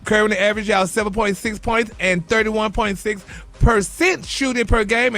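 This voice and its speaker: A man dishes celebrity gossip on a morning radio show with flamboyant sass, sprinkling honey and y'all through every sentence. His voice sits high and bright. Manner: flamboyant, sassy, peppers talk with honey and y'all. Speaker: gossip correspondent.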